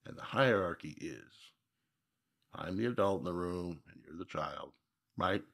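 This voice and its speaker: Deep gravelly husky man. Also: a little slow, a bit bright. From Minnesota. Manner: reflective, folksy with emphatic repeats. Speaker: guest. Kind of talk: casual storytelling interview.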